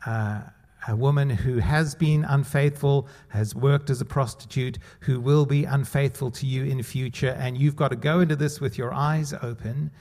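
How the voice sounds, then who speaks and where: A pastor preaching a conversational sermon with rhetorical questions and laughter, at times. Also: male voice, medium pitch, steady tone, moderate pace, hardly any pauses, darkish tone.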